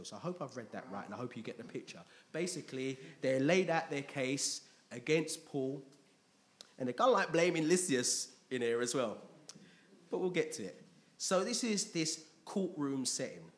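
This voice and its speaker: A man preaching to his congregation in a relaxed, chatty way, his voice sitting at an ordinary middle pitch. He keeps turning to the room with little questions as he reads scripture and explains it. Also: normal speed. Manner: chatty, checks in with congregation often. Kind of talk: conversational sermon with Bible reading. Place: church.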